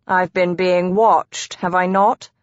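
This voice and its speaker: A woman's voice: lowish voice, level tone, slow pace, dry recording, muffled recording. A woman voicing an easygoing young man who asks light, curious questions. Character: cheerful young brother, easygoing.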